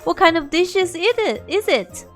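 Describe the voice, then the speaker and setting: A woman's voice: very high voice, animated, a little slow, faint music behind. A woman reading out the lines of a startled, flustered male villager from a farming game. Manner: flustered and dramatic.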